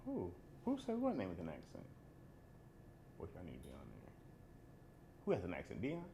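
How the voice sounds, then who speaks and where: A man's voice: deep voice, wildly swooping pitch, moderate pace, creaky, mellow, slight background noise. A man co-hosting a comedy podcast, firing off teasing questions and ribbing the others in casual chat. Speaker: podcast co-host.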